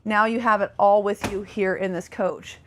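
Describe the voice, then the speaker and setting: A woman's voice: medium pitch, fairly even intonation, normal speed, fairly bright tone, slight background noise. A woman giving a casual, chatty walkthrough of a motorhome as a presenter, enthusiastic and full of fillers. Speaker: RV sales presenter. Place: inside a motorhome.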